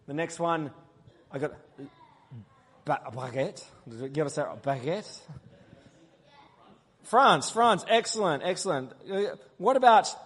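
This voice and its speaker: A man's voice: fairly high pitch, slightly rough. A man preaching a sermon, playfully quizzing his congregation and calling out their answers. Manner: playful, quizzing the crowd, loud call-and-response. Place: church hall. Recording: long hall reverb.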